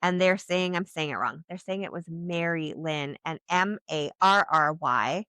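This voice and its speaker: A woman's voice: fairly low pitch, measured pace, sharp tone, clean tone, no room sound. A woman giving a channeled spiritual reading in a casual, flowing way, full of restarts and filler words. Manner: flowing, earnest, many likes and trailing restarts. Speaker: psychic channeler.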